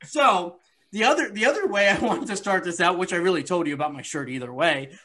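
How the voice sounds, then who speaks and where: High-voiced excitable male podcast host. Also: quick pace. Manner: excitable, rambling, laughs easily. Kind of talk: casual podcast chat.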